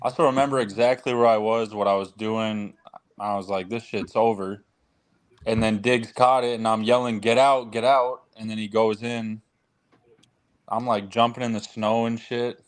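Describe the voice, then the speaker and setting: A man excitedly recounting a game memory in casual banter. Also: fairly low pitch, moderate pace, clear, resonant tone.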